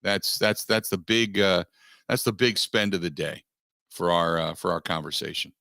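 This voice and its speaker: A man hosting a sports talk radio show, riffing animatedly and mock-quoting others in quick asides. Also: low-pitched, steady tone, vocal fry, sharp tone, no echo, studio quality.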